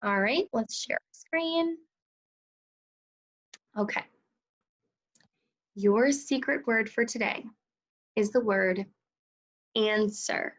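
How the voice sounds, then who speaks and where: Slow, patient woman teaching phonics. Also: a little high, animated, a bit bright. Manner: slow, clearly enunciated, encouraging teacher talk. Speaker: second grade teacher. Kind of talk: recorded phonics lesson for remote learners.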